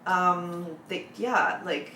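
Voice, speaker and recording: Brief: female film-review co-host, lowish voice, hesitant with lots of fillers, distant roomy sound. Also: fairly even intonation, extremely slow, bright, forceful tone, slight background noise. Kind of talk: casual chat.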